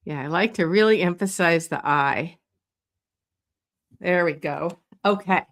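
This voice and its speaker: A woman leading a live drawing lesson, talking slowly and thinking aloud as she sketches, with many pauses and fillers. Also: on the low side. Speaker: drawing instructor. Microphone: streaming setup.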